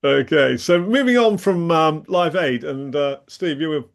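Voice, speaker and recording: A man's voice: on the high side, animated, measured pace, gravelly. A man hosting a podcast, guiding the chat with easygoing questions to his guest. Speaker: podcast host. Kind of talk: interview questions.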